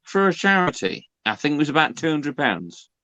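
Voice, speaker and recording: A man from Northern England, a guest on a casual comedy podcast, talking in a deadpan, defensive way. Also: fairly high pitch, brisk, no room sound, muffled recording.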